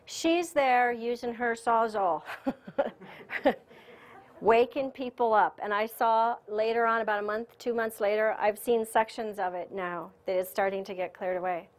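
A woman giving a spiritual lecture at a conference, telling a personal story in a chatty, animated way and laughing often. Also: fairly high pitch, a little slow. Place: conference room.

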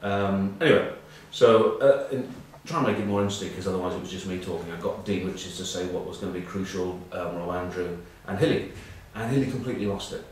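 Low-pitched and fast, with few pauses, a former England-born rugby captain in his forties rambles through anecdotes for a web news piece. His humour is dry and self-mocking, his speech thick with ums and uhs. The recording has heavy room echo, a distant mic and faint background noise.

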